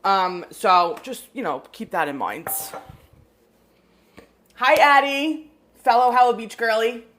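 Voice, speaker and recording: A woman's voice: a little high, animated, takes it slowly, long pauses, fairly bright tone. Woman host, casual live cooking stream, chatty and rambling. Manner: chatty, greets viewers, rambling asides.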